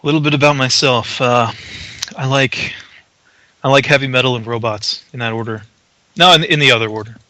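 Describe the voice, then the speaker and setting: A man who is a guest on a podcast, talking casually with a smooth radio-announcer voice. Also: mid-range voice, fairly quick, sharp tone, no room sound, poor audio. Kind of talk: casual chat.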